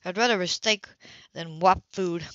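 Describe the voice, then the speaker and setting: A woman's voice: fairly low pitch, unhurried, fairly bright tone, no room sound, dull audio. A woman reader voicing a coarse, selfish, hard-drinking woman who smokes and swears, talking in a brash, sneering way.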